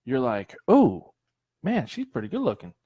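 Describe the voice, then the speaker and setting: A man co-hosting a casual show, talking in excitable, crude banter. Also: mid-range voice, moderate pace, breathy edge, no room sound, muffled recording. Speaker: podcast co-host. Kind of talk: casual chat.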